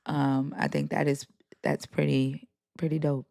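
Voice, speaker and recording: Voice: medium pitch, level tone, gravelly, mellow, dry recording, clean studio sound. A live stream host responding in a casual, supportive way, with frequent fillers and restarts. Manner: supportive, halting, many fillers. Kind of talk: casual chat.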